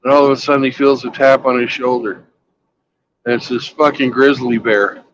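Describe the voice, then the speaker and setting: A man's voice: medium pitch, fairly even intonation, normal speed, a bit bright, low-quality recording. A man chatting casually while travelling by road, rambling through a crude joke in a mid-range voice. A faint hiss sits underneath him. His delivery is loose and unpolished. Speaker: vlogger. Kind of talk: casual chat and joke telling on a road trip.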